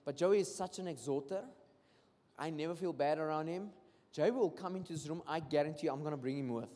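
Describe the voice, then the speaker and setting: High-pitched South African preacher in a reverberant hall. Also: male voice, brisk. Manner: switches between English and Afrikaans, animated storytelling with acted-out quotes. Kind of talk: sermon. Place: church hall.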